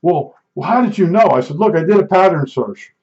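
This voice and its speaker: A middle-aged man telling a rambling personal anecdote, excitable, restarting sentences and acting out the dialogue. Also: sits high, brisk. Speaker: storyteller recounting an incident. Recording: dull lo-fi recording.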